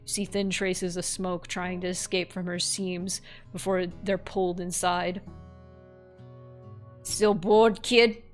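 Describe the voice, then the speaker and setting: A woman's voice: lowish voice, monotone, unhurried, soft background music. Woman reading a game with wry asides. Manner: wry, offhand commentary. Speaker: streamer. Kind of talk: reading a horror text game aloud with asides.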